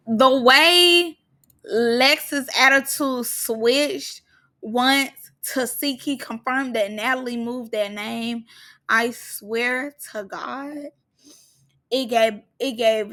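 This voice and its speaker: A young woman giving a sassy, slang-heavy recap of a reality show, now and then breaking into loud outbursts. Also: sits high. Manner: animated, sassy, slangy, bursts into shouts.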